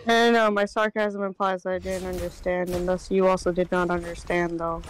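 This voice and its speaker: A woman's voice: fairly low pitch, flat delivery, brisk, poor audio. Breathless young woman with a faint hiss. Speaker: stream guest. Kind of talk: casual voice chat.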